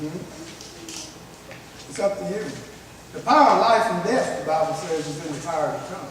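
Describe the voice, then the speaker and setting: High-voiced preacher in an echoey church. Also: male voice, normal speed, pauses often. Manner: folksy, laughs often, keeps asking the crowd if they follow. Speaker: traveling preacher. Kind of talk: sermon. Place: church sanctuary. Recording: echoey church hall, mic far off, faint hiss.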